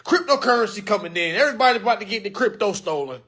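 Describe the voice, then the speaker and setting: A man ranting to camera in an animated, joking way, loud and slangy, calling out to his viewers. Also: high voice, fast.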